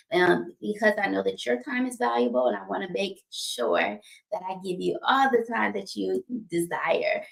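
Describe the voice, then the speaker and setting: A woman's voice: medium pitch, gravelly. A woman hosting a livestream talk show, upbeat and chatty, often laughing and repeating herself. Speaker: host.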